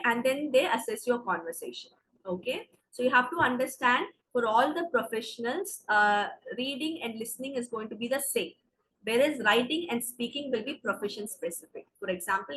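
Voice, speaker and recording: A woman's voice: on the high side, fairly bright tone, a little hiss or hum, poor audio. Indian English woman teaching a class. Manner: explains step by step, keeps checking with "okay". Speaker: exam preparation teacher. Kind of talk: classroom lecture.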